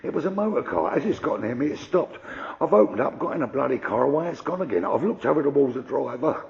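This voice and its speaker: An older man doing gruff, conversational stand-up storytelling. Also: mid-range voice, sing-song, fast, darkish tone, lo-fi sound. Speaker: stand-up comedian.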